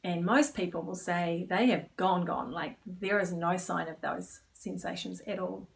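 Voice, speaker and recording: A woman stress coach who leads a guided exercise in a calm, inviting tone. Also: on the low side, a little slow, creaky, far from the mic.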